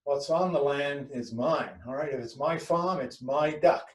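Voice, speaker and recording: A man's voice: mid-range voice, unhurried, close to an everyday voice. A man voicing a stubborn, sly country farmer inside a told joke. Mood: sly, firm. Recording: roomy, distant from the mic.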